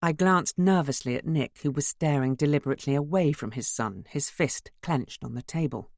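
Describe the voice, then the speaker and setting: A woman's voice: deep voice, moderate pace, vocal fry, no echo, studio quality. A woman narrating an audiobook in the first person, telling the story expressively. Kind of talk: scripted narration.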